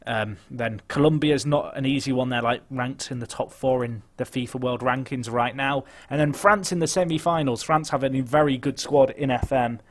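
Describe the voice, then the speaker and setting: A young man giving chatty live commentary on a football management game, nervous and excitable, muttering and then shouting. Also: medium pitch, moderate pace, few pauses. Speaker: game streamer.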